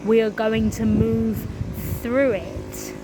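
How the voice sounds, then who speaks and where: A woman talks through spiritual ideas in a slow, drawn-out, earnest way, with the odd curse word slipping in. Her voice sits a little high and she takes her time over every phrase. Crickets, insects and passing cars hum clearly in the background. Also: steady tone. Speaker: spiritual vlogger. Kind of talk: casual spiritual monologue.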